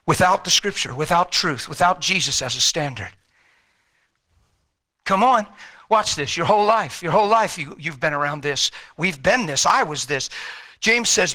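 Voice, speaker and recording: A male preacher delivering a fervent, exhorting sermon, rising to shouts and then falling low and intense. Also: animated, normal speed.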